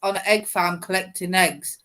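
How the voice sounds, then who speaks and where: Give me a mid-pitched speaker telling a story plainly in casual stream chat. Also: steady tone, moderate pace, sharp tone.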